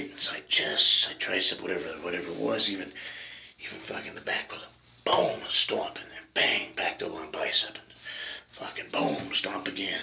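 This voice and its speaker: A man's voice: sits low, gravelly, sharp tone, slight background noise. A middle-aged man and bodybuilding competitor telling a rambling story, cursing constantly and checking in with "right?" as he talks. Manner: profane, rambling, keeps asking "right?". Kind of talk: casual storytelling. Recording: roomy echo.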